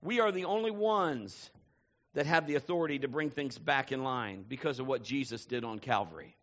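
A male pastor preaching a sermon, telling stories with lively energy and building to shouts. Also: mid-range voice, normal speed, dull audio. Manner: animated storytelling, building to shouts.

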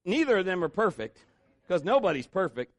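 High-voiced man preaching a sermon. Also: sing-song, brisk, no room sound. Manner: joking asides, voices quotes. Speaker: pastor. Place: church.

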